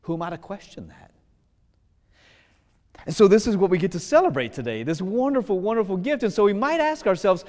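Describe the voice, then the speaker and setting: A high-pitched man preaches a homily as a Catholic priest, loose and conversational, drawing out words for emphasis. His voice rings with a long echo, as if recorded in a large church. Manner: lively, casual preaching that slows for emphasis. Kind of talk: sermon.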